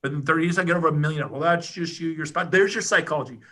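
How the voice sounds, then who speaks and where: A middle-aged man giving an enthusiastic, emphatic sales pitch as a podcast guest. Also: fairly even intonation, sharp tone. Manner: fired-up, rapid, emphatic, salesy. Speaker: podcast guest, real estate agent.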